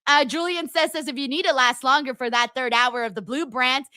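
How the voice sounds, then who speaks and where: A woman's voice: high voice, brisk, few pauses, pushed and bright, no room sound. A young woman hosting a live-stream watchalong, chatting casually and giggling as she reads out viewer comments.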